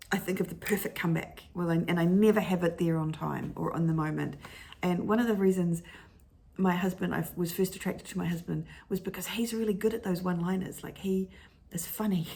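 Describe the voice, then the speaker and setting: A woman's voice: lowish voice, gravelly, darkish tone, breathy edge. A middle-aged woman chatting casually at home, rambling and often stopping to correct herself. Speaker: vlogger talking about favorite books. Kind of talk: casual chat. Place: at home at her computer with her dog.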